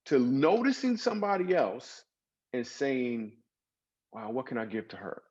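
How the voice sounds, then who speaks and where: A man's voice: medium pitch, sing-song, measured pace, a little mellow, husky, dull audio. A man guest on a podcast, a comedian and author, telling personal stories in an earnest, dramatic way with emphatic swings. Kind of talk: storytelling interview.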